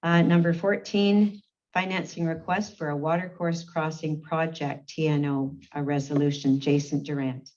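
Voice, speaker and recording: A woman serving as warden, chairing a formal council meeting in a brisk, procedural way and calling the roll. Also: low-pitched, flat delivery, darkish tone. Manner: brisk, procedural, reads names in a roll call. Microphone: meeting-room microphone on a livestream. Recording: dull lo-fi livestream audio.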